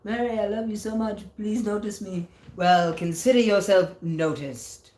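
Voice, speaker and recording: A woman's voice: medium pitch, a little slow, darkish tone. A woman chatting casually on a livestream, reading viewer comments aloud and answering them playfully. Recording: roomy echo.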